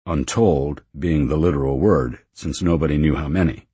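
A man narrating an audiobook in a measured, plain storytelling manner. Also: extremely low pitch, dark tone, breathy edge, dry recording. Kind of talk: scripted narration.

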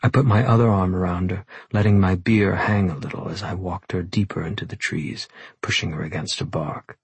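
A man reads a first-person novel aloud with a low, intimate delivery. His voice is gravelly and very husky, and the recording is dry and close with no room sound. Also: fairly quick, dry recording. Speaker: audiobook narrator.

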